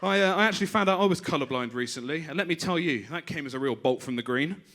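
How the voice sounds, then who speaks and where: A man's voice: on the high side, animated, fast talker, a bit bright, slight background noise. A man doing stand-up made of short pun one-liners, with small stumbles as he starts them. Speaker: stand-up comedian.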